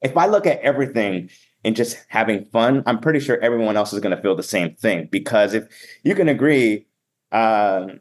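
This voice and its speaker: Energetic, blunt male emcee with a Boston accent and a lowish voice, casual interview guest. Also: normal speed. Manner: energetic, upbeat and sometimes blunt. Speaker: event emcee and keynote speaker.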